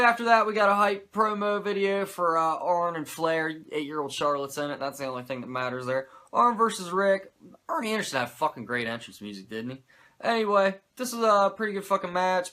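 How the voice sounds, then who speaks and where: A man's voice: a little high, bright, forceful tone. A man hosting a casual wrestling recap, swearing a lot, filling with "like" and ranting in disbelief. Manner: swears a lot, lots of "like" fillers, incredulous rants. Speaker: wrestling recap podcast host.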